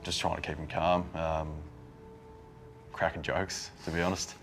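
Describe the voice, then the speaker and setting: Aussie army guy, super deep gravelly flat voice, laid back, music behind. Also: a little slow. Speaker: fellow soldier. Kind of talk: TV interview recollection. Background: music underscore.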